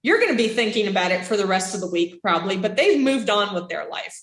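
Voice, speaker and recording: A woman instructor giving a casual classroom lecture, lively and chatty, acting out reactions with gasps and little voices. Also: mid-range voice, quick pace. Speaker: child development instructor. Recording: roomy classroom echo.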